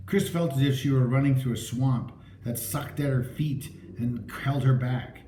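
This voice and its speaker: A man narrating a story aloud with a dramatic, lively reading. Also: medium pitch, normal speed, few pauses, noisy background. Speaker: audiobook narrator. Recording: echoey room.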